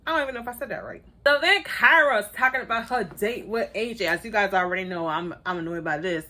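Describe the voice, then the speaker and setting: A woman chatting casually about a reality show in an animated, sassy way, often laughing and acting out quotes. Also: mid-range voice, fast. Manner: laughs often while talking. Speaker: YouTuber reviewing a reality dating show. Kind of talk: casual chat.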